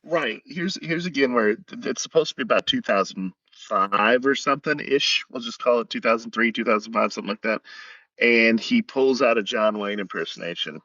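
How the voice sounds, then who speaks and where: A man's voice: medium pitch, normal speed, pushed and bright, no room sound, far from the mic, dull audio. A man co-hosting a film podcast, offering short, wry, skeptical comments. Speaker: podcast co-host. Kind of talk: casual film discussion.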